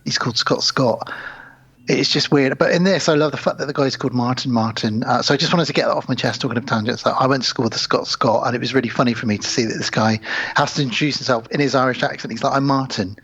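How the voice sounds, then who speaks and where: Male co-host, husky, chatty storyteller, lo-fi recording. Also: mid-range voice, very fast, fairly bright tone. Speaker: podcast co-host. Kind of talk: casual film chat.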